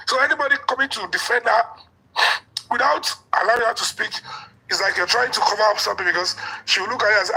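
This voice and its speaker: A man's voice: high-pitched, fast, vocal fry, bright, forceful tone, slight background noise, rough recording. A Nigerian man arguing his point in an online talk room, his voice off from being under the weather. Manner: insistent, lecturing. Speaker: featured speaker in an online audio room. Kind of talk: heated discussion.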